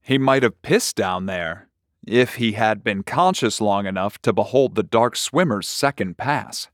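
A man narrating a short story in a slow, measured, deliberate reading. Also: fairly low pitch, lively intonation, no room sound, studio quality.

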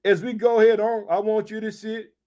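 High-voiced fervent male preacher. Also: little pitch movement, fairly quick, a little mellow. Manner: fervent, repeats verses, exclaims "hallelujah" and "check it out". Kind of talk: sermon, reading and expounding scripture.

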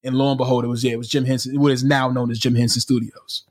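A man's voice: mid-range voice, fast, no room sound, studio quality. A man co-hosting a podcast in casual chat, telling stories with lots of "like" and frequent laughter. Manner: animated storyteller, laughs often, leans on "like". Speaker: podcast co-host.

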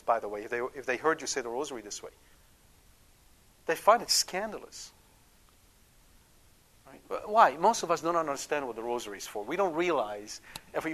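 A man's voice: medium pitch, a bit bright. A man giving an emphatic Catholic teaching talk, often checking in with his listeners. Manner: acts out quoted prayers. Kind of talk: catechetical talk.

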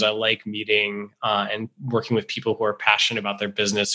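Brief: male podcast host, easygoing and laughs easily, bright forceful tone. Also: on the low side. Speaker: podcast host, software company founder. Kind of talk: casual podcast conversation.

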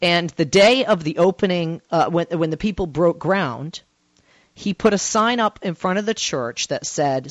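Emphatic radio host, lo-fi and dry. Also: male voice, sits high, unhurried, no echo. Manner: emphatic storytelling, swings from loud to hushed. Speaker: radio talk show host. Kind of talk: call-in radio talk. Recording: dull lo-fi radio sound, dry.

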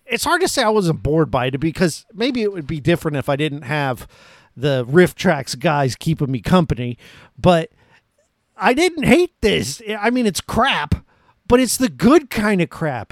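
A man's voice: on the high side, sing-song, unhurried, dry recording, studio quality. A man hosting a podcast, reviewing a movie in a casual, rambling, self-mocking way. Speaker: podcast host.

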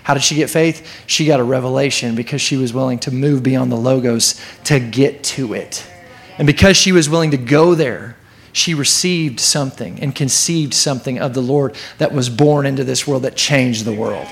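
A man pastor preaching to his church in an animated way, sometimes acting out the voices in the story. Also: medium pitch, normal speed, creaky. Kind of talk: sermon.

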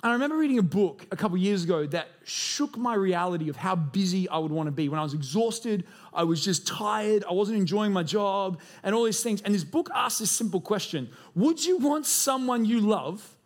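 Earnest, higher-voiced male pastor preaching. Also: lively intonation, a little fast, hardly any pauses. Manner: earnest and conversational, with storytelling asides. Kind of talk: sermon. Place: church auditorium.

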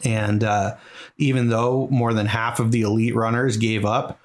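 A man's voice: fairly low pitch, flat delivery, unhurried. A middle-aged man from New England telling a long personal story as an interview guest, earnest and rambling with many fillers. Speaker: guest, charity marathon runner.

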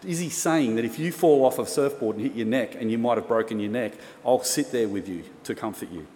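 A man's voice: mid-range voice, a little fast, warm tone. An Australian man preaching, telling a personal story in a casual, chatty way with self-mocking humour. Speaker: pastor. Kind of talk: storytelling sermon. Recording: reverberant hall, faint room noise.

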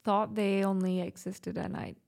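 A woman's voice: mid-range voice, level tone, normal speed, creaky, darkish tone. A woman co-hosting a podcast in casual chat, giving dry, short replies. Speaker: podcast co-host.

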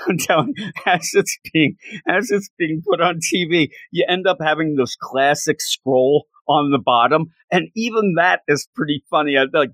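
A man in casual chat, excitedly recapping a comic book issue in a rambling way. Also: on the high side, moderate pace, no room sound. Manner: enthusiastic, rambling recap with frequent laughs.

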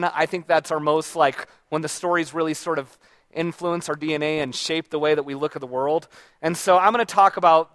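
This is a man lecturing informally to a room with a live audience, using his own high, fairly bright voice. He keeps it loose and conversational, stumbling through fillers and restarts while tossing questions at listeners, all in a dry, close recording.

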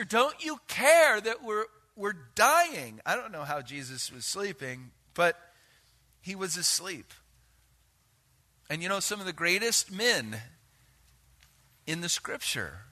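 A man preaching a sermon, moving between hushed asides and loud acted-out quotes from scripture. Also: sits high. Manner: animated, shifts between hushed and shouted quotes. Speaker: pastor.

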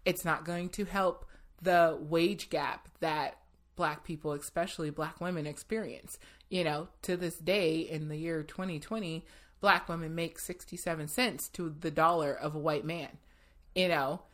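A woman's voice: deep voice, fairly even intonation, unhurried. A woman guest in an interview, talking casually and animatedly, laughing as she tells a story and quoting people in a raised voice. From Seattle area, USA.

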